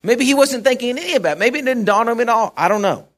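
A man's voice: extremely high pitch, animated, fast. A man preaching a sermon in a conversational way, musing aloud and often correcting himself.

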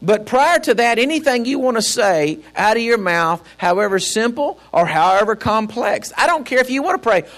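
A man's voice: very high voice, lively intonation, fast, hardly any pauses, fairly bright tone. A man preaching a sermon as pastor, fiery and folksy, with joking asides. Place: church.

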